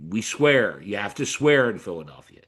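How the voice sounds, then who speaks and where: A man's voice: lowish voice, big pitch swings, moderate pace, fairly bright tone, breathy edge. A middle-aged man from Pennsylvania hosting a casual interview, telling stories animatedly and swearing freely. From York, Pennsylvania. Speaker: host.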